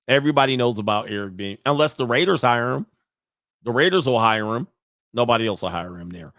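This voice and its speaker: A man hosting casual sports commentary, animated and laughing often, with sudden high-pitched outbursts. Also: fairly quick, no echo, clean studio sound.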